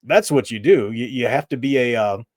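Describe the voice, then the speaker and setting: Middle-aged man, live stream host, blunt and opinionated, mid pitch, dry close sound. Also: moderate pace, darkish tone, no room sound. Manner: blunt, opinionated, laughs at his own remarks. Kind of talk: casual opinionated chat.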